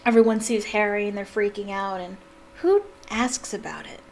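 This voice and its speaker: A woman's voice: mid-range voice, moderate pace, darkish tone, a little hiss or hum. Gushing young woman reading aloud. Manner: gushing, exclamatory asides. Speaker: book reader and fan. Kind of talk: casual reading aloud with commentary.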